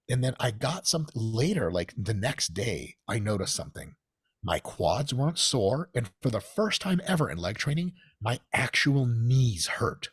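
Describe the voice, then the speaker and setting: An American man with a husky, lowish voice tells a gym story in a loose, swearing podcast conversation. His pitch swings widely as he builds the tale, and the sound is close and dry. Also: normal speed, dry recording. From United States. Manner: profane, storytelling, animated. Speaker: guest. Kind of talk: casual podcast chat.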